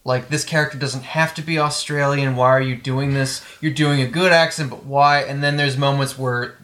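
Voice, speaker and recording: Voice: mid-range voice, steady tone, moderate pace, fairly bright tone. A co-host on a casual movie podcast, wry and laughing through opinions.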